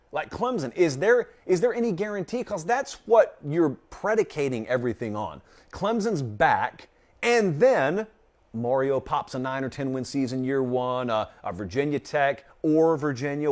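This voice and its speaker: A male host runs a sports talk show and reacts to viewers' bold takes. His voice sits at a middle pitch and swings widely as he gets into a point. He delivers firm opinions with dry, sarcastic asides. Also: darkish tone.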